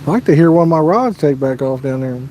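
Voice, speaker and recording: Midwestern American man, slightly high voice, easygoing livestream host chatting outdoors by a lake, faint noise behind him. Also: expressive, fast, darkish tone. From Midwest USA. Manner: laid-back, chatty, answers viewers' questions. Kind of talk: casual livestream chat.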